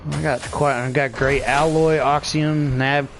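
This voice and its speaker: A middle-aged gaming vlogger talks over music in a slightly high voice, keeping a steady tone and measured pace. His casual gameplay chat is rambling and profane, punctuated by frequent laughs.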